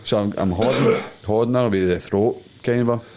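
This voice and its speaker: A man's voice: mid-range voice, moderate pace, a crowd in the background. A Scottish man co-hosting a podcast, telling a crude story in casual chat and laughing often. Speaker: podcast co-host.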